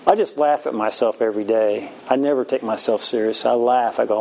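A man in his sixties talking candidly about faith, self-mocking, with frequent halting restarts. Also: mid-range voice, creaky, darkish tone, slight background noise, rough recording. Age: 60s. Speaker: Christian speaker. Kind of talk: casual faith talk.

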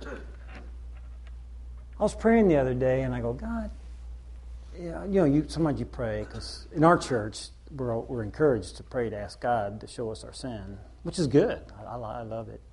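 A man's voice: mid-range voice, expressive, normal speed, a little mellow, a little hiss or hum. A middle-aged man giving an informal, rambling sermon, conversational and self-deprecating. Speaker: preacher.

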